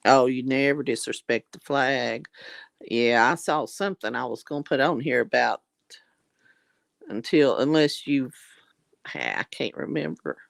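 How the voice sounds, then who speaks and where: A woman's voice: extremely low pitch, a little slow, vocal fry, no room sound. A woman with a Southern US accent chatting casually with viewers on a livestream, folksy and affectionate, calling people honey and blessing their hearts. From Southern United States. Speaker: livestream host.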